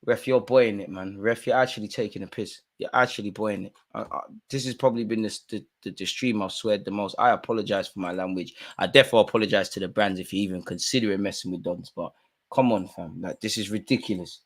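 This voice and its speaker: A man's voice: on the low side, steady tone, fast talker. A young man hosting a live football watch-along, ranting at the referee and swearing, full of street slang. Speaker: streamer.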